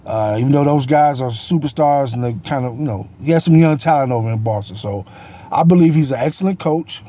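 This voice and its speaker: Rambling man with a mellow voice. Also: mid-range voice, brisk. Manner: rambling, self-correcting, with many fillers. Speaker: sports talk host. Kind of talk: casual solo sports talk.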